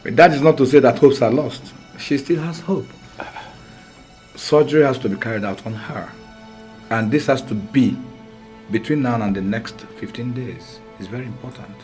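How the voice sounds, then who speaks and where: A man's voice: mid-range voice, normal speed, darkish tone, soft background music, close to an everyday voice. Male actor as a curt Nigerian doctor; firm, matter-of-fact. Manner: businesslike, firm. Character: curt hospital doctor, man. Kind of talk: Nollywood film acting.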